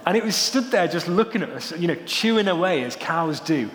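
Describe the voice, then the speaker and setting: Young adult male preacher, lively storyteller, recorded in a reverberant hall. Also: on the high side, fairly quick. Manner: animated storytelling, rising excitedly when joking. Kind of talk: sermon. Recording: roomy hall with long reverb.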